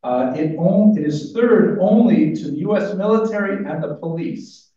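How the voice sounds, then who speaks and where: A man gives a conference talk in a relaxed, chatty way, stopping and restarting his sentences. His voice is mellow and dark. He sounds far from the mic, in a big echoing hall, with a dull sound. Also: high voice, moderate pace. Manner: casual, self-interrupting, with fillers. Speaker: conference speaker. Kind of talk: academic lecture with humor.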